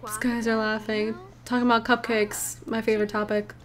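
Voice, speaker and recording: A woman's voice: on the high side, little pitch movement, normal speed. A young woman casually narrating a life-sim game from her room at home, chatty, rambling and upbeat, reacting aloud as she plays. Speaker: gaming channel host. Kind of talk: casual let's play commentary.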